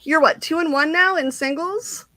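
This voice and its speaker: Bright, giggly woman host chatting. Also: high-pitched, normal speed, no echo. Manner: bubbly, giggly storytelling with lots of "like". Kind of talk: casual interview chat.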